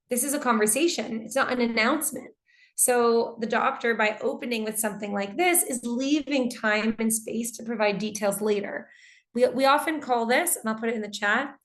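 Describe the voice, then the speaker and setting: A woman teaching an online English class, reading out students' answers and commenting on each one. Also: fairly high pitch. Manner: reads student answers aloud and comments warmly on them.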